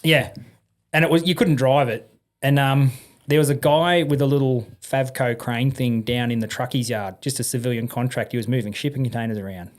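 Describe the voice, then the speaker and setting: A man's voice: mid-range voice, a little fast. A middle-aged Australian man, a podcast guest, telling casual stories and acting out the people in them, often laughing. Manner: animated, acts out voices in anecdotes, laughs often. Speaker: podcast guest, army and police veteran. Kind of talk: casual storytelling.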